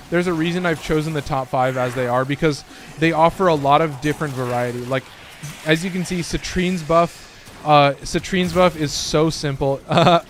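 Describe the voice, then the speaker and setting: A man's voice: a little high, a little hiss or hum. A young man casually commenting while he plays a game, rambling and swearing freely, his voice cracking now and then. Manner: loose, rambling, swears often, lots of fillers. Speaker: gaming streamer.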